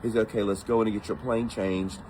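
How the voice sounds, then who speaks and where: A man from the United States telling a personal story in a casual, animated way, acting out the voices of the people in it. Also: lowish voice, fast, a little hiss or hum, poor audio. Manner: animated, acts out quoted voices.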